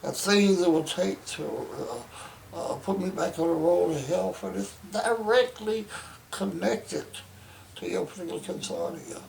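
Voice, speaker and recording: A man's voice: high-pitched, unhurried, gravelly, darkish tone, echoey room, slight background noise, poor audio. A man at home, making an emphatic complaint in formal, wordy phrasing with many stammered restarts. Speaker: interviewee describing his care. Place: home bedroom.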